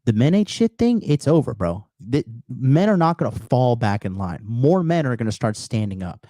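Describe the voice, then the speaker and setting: A man's voice: mid-range voice, sing-song, normal speed, warm tone, no room sound, studio quality. A man hosting a call-in show, delivering a blunt, profane, heated rant. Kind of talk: casual ranting monologue.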